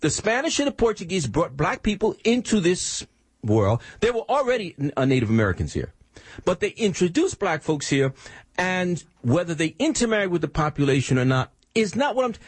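Husky, lively-voiced impassioned radio host. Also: male voice, high-pitched, moderate pace, no room sound. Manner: emphatic, preachy, rhetorical questions.

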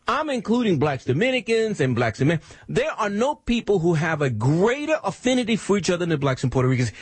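Husky, lively-voiced impassioned radio host. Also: male voice, high voice, no echo. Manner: emphatic, preachy, rhetorical questions.

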